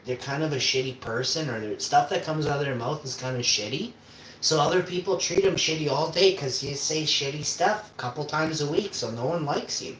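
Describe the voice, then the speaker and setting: A man on a casual livestream, cooking in his kitchen and swearing constantly as he rants, with sudden loud outbursts. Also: on the high side. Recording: roomy with faint background hum.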